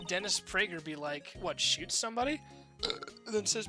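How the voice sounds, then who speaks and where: Giggly woman streamer with a bright voice. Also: deep voice, expressive, moderate pace, soft background music. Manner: giggly, offhand asides. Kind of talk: casual game reading stream.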